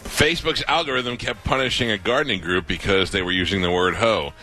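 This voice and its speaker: A man co-hosting a radio comedy show, reading jokes and firing quick wisecracks. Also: fairly low pitch, bright, forceful tone, faint music behind. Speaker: radio co-host. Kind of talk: joking banter.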